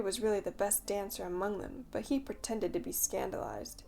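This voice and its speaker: A woman's voice: medium pitch, normal speed, gravelly, slight background noise. Woman narrating a classic children's story. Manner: lively storytelling, voicing each child. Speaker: audiobook narrator. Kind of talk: scripted narration.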